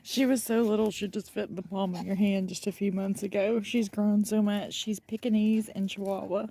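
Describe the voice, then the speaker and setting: A woman chatting casually to camera as a vlogger, thinking aloud and trailing off softly. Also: mid-range voice, fairly even intonation, normal speed, vocal fry. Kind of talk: casual vlog chat.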